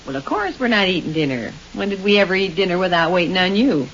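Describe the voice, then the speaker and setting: A fussy, homey housewife. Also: female voice, lowish voice, expressive, fairly bright tone. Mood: bustling. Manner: quick homey exclamations, teasing. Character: fussy, practical middle-aged housewife. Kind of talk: 1930s radio comedy acting. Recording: hissy lo-fi old radio recording.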